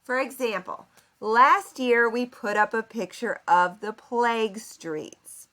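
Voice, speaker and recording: A woman teacher giving a recorded lesson, explaining slowly and clearly and asking her students questions. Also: on the high side, pushed and bright. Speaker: seventh grade English teacher.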